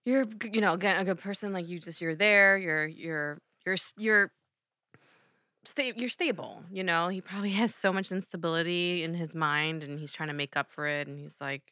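A woman co-host speaks in casual chat, starting over as she works through her thoughts. Her tone is bright and forceful, and her pitch sits a little low. The recording is dry and close. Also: normal speed, dry recording. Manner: laughs often, hesitant restarts. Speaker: podcast co-host. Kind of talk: casual chat, supportive listener.

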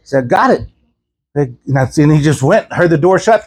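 High-voiced animated male preacher. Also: moderate pace, slightly rough. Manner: animated, acts out quoted voices; laughs often with the congregation. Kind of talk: storytelling sermon.

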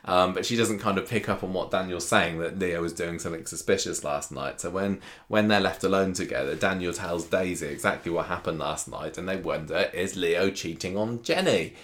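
Male co-host, low voice, chatty recap tone, paraphrases characters' lines. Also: fairly quick, few pauses, fairly bright tone. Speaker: podcast co-host recapping a soap. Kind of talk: casual chat.

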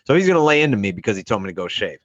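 Young guy swearing thru a rambling story, lowish voice, bit muffled and dry. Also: very animated, racing, dry recording. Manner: profane, rambling, acts out quoted voices. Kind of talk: casual storytelling.

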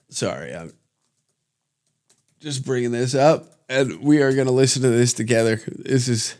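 A man hosting a podcast, ranting in a rambling, profane, mocking way. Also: medium pitch. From Canada. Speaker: podcast host. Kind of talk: casual podcast rant.

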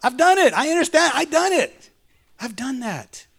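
A man's voice: very high-pitched, very animated, moderate pace, gravelly, fairly bright tone. A male pastor preaching a sermon and telling a personal story, fervent and calling out to the congregation. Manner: fervent, punctuates with call-outs to the congregation.

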